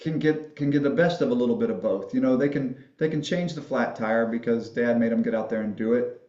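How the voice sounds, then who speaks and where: A man in a relaxed interview, spinning folksy, rambling stories and chuckling at his own asides. His voice sits at an ordinary pitch. It arrives with a roomy ring and a slightly muffled top end. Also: fairly quick. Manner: folksy, rambling storyteller who laughs at his own jokes. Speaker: podcast guest, family history filmmaker. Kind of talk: casual interview conversation.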